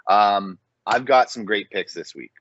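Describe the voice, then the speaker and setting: A man's voice: on the low side, unhurried, a bit bright. A man co-hosting a casual sports betting podcast, chatty and self-deprecating. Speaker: podcast co-host. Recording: muffled lo-fi podcast mic.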